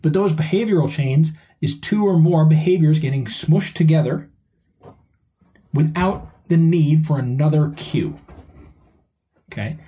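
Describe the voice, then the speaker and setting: Mellow-voiced man hosting a podcast. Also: fairly high pitch, measured pace, pauses often. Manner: conversational, explains step by step. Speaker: dog trainer and podcast host. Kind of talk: solo podcast explainer.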